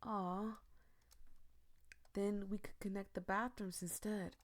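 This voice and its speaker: A hushed, bashful young man who is cute and a little creepy at once, as a woman reads him aloud. His lines come out soft and quiet. He's the too-eager neighbor of a story game. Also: medium pitch, fairly even intonation, slow pace, natural voice. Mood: clingy. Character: shy, clingy young man neighbor, adorable yet creepy.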